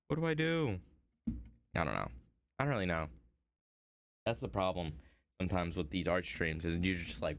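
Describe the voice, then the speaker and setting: A young man streaming his art, rambling casually through a story with many fillers and self-deprecating asides. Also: deep voice.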